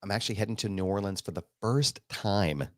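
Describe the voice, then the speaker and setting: A man's voice: lowish voice, brisk, no echo, clean studio sound. A man hosting a live wrestling chat show, talking casually and laughing along with his co-host. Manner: animated, laughing, fan-like. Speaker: podcast host. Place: home studio on a live stream.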